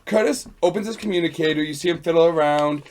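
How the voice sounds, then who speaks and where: A man's voice: a little high, fast, darkish tone. A man playing a tabletop game, thinking aloud and narrating what his character does. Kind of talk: casual game chat.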